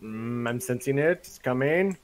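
A man's voice: medium pitch, lively intonation, measured pace, rough recording. A young man gaming with a friend over voice chat, swearing a lot and ranting mockingly in casual banter. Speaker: gamer on voice chat.

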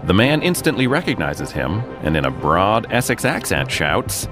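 This American host has a lowish, fairly bright voice and sounds very animated, speaking at a normal speed. He dramatizes a true story on his podcast, joking around between scenes, with a music bed running underneath.

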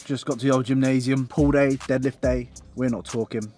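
A young man chats straight to camera in a loose, casual vlog voice, blunt and self-mocking, with swearing in nearly every sentence. His pitch sits mid-range for a man, and music plays clearly behind him. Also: fairly even intonation, a little fast, mellow. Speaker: fitness vlogger.

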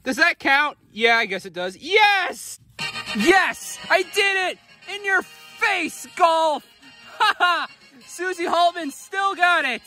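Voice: mid-range voice, lively intonation, normal speed, hardly any pauses, sharp tone, faint music behind. A performer voicing a wealthy businesswoman who gets easily rattled, in an amateur plush-toy dub. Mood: triumphant. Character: wealthy woman business president, flustered.

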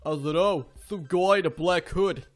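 A man's voice: high voice, normal speed, faint music behind, close to an everyday voice. A man voicing a vain, flirtatious female bat with a crude, teasing manner in an amateur cartoon. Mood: pushy. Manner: sultry, teasing, pushy.

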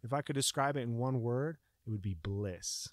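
Profane, excitable man telling a story. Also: medium pitch, moderate pace, dry recording, clean studio sound. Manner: animated, profane, acts out his own panic with sudden shouts. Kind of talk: casual storytelling.

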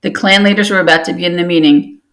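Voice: medium pitch, steady tone, fast talker, a bit bright. A book club reader reading a novel aloud steadily, with occasional restarts after slips.

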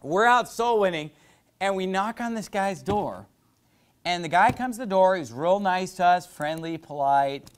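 A man's voice: high voice, animated, measured pace. A middle-aged male pastor preaching a sermon, telling stories in a loose, conversational way with lots of "you know".

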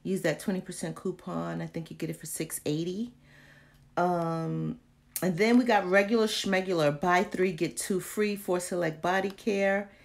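A woman's voice: lowish voice, fairly even intonation, moderate pace, gravelly. A woman vlogging casually to her viewers, chatty and exasperated, full of slang and muttered asides. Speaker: candle vlogger. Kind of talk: casual live chat to viewers.

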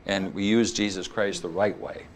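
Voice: deep voice, steady tone, a little fast. A host chiming in with agreement and reflecting on the guest's words. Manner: affirming, agreeing. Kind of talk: affirming interjections and commentary.

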